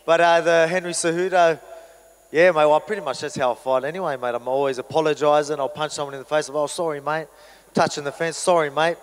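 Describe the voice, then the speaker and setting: A man with an Australian accent, a fighter answering questions at a press event in a relaxed, joking way. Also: on the high side, fast, big-room sound. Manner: laid-back, joking, self-deprecating. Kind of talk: casual press conference answers.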